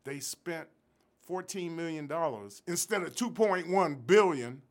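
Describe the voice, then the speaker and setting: A man's voice: a little high, animated, a little slow. A man, a professor, explaining environmental science in an interview with an emphatic, lecturing manner. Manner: emphatic, lecturing, stresses key figures. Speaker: professor and guest expert. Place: Sacramento area.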